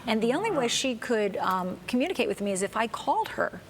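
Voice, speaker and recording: A woman guest co-host relates a story on a talk show. She talks in an animated way and acts out each person in it, her voice sitting a little high. A faint rumble runs underneath the recording. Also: fairly quick.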